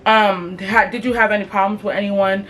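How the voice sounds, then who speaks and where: A woman's voice: medium pitch, steady tone, moderate pace, fairly bright tone, a little hiss or hum. A young woman telling a storytime and answering questions in a chatty, slangy, profane way with lots of fillers. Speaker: vlogger. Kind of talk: casual storytime and Q&A.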